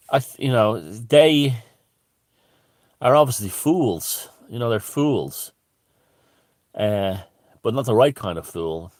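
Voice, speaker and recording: A man's voice: mid-range voice, animated, slow pace, long pauses, a little mellow, no room sound, clean studio sound. A middle-aged Irish man giving a profane, sarcastic ranting monologue, full of "you know". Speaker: satirist.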